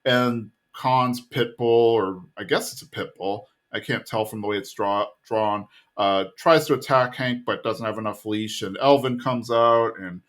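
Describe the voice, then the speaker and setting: A man's voice: fairly low pitch, fairly bright tone. A man co-hosting a podcast, casually retelling a cartoon episode and briefly mimicking the characters as he goes. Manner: rambling retelling with quick voice impressions. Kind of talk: casual chat.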